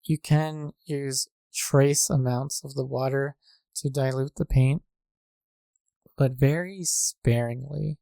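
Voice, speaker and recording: A man with a gravelly, low-key voice walks through a painting demonstration. His delivery stays flat and measured, with small pauses and fillers as he works. The sound is dry and close, with no room around it. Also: dry recording. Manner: calm, measured, with frequent fillers. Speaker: painting instructor. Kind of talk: tutorial narration. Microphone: desk microphone.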